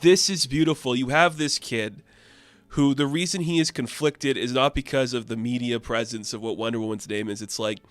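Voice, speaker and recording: A man's voice: mid-range voice, steady tone, moderate pace, fairly bright tone, no echo, faint music behind. A man giving a casual, enthusiastic and rambling comic book recap, full of fillers.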